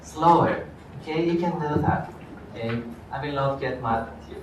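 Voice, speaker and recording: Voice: mid-range voice, noisy background. Lecturer far off in an echoey classroom. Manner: explains slowly, checks on students. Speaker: law lecturer. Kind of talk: university lecture.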